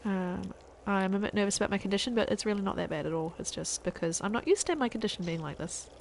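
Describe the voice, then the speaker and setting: A woman streamer from New Zealand chats casually with her viewers between game moves. Her voice sits at a middle pitch and she keeps breaking off to laugh or restart a thought. A faint noise hums in the background. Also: fast, gravelly, poor audio. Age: adult parent. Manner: chatty, laughs often, trails off mid-sentence. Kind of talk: casual gameplay chat with viewers.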